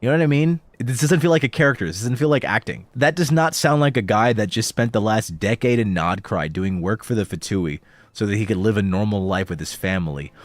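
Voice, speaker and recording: A man's voice: fairly low pitch, animated, brisk, no room sound. Blunt man critiquing voice acting, dry sound. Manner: candid, blunt, swears casually. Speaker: streamer reviewing voice acting. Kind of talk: casual critique commentary.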